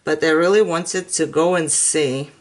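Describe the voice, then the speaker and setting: Slow-talking crafting woman, non-native English. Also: sits low, fairly even intonation. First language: not English. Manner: chatty and self-deprecating, laughs often. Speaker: craft channel host. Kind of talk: casual crafting tutorial chat.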